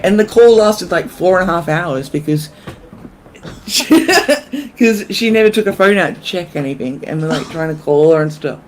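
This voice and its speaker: A woman co-hosting a casual chat, telling stories with animated delivery and frequent laughter. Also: on the low side, moderate pace, a little hiss or hum. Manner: animated storyteller, laughs often. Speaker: co-host.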